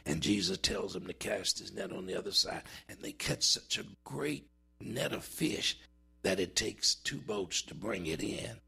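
A man preaching a sermon in a dramatic style, with big swings in pitch and drawn-out words for emphasis. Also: vocal fry, sharp tone, breathy edge.

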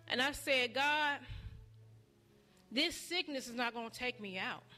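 A woman preaching a testimony sermon in a call-and-response style, repeating phrases and building up to shouts. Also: high voice, a little slow, long pauses, soft background music.

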